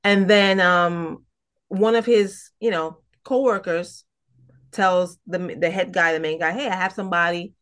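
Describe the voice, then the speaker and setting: A woman's voice: fairly low pitch, slow pace. Rambling woman recapping a tv episode. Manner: rambling, many fillers and restarts. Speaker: podcast co-host. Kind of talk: casual chat recapping an episode.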